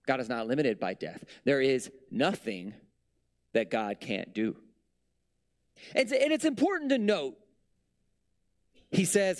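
A young adult man preaching a conversational sermon with humorous asides and lively swings in pitch. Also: unhurried, long pauses. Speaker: pastor. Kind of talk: casual sermon.

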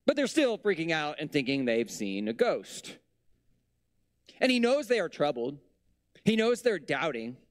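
A man preaches in a loose, conversational way, dropping in jokes and asides. His voice sits a touch high and rises and falls with emphasis. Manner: conversational, humorous asides, lively pitch swings. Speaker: pastor. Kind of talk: casual sermon.

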